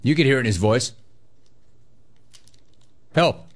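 A man hosting a call-in radio show, telling a story with lively, joking delivery and acting out the voices in it. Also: mid-range voice, takes it slowly.

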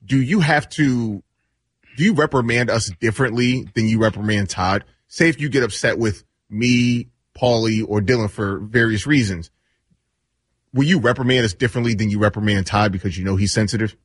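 Low, husky man asking a question. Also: moderate pace, no room sound. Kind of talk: casual radio show banter.

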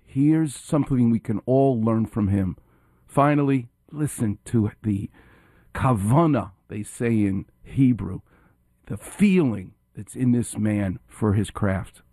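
A man's voice: mid-range voice, expressive, slow pace, warm tone, no echo, clean studio sound. A man hosting a radio show, a surgeon explaining storytelling craft with enthusiastic, emphatic commentary.

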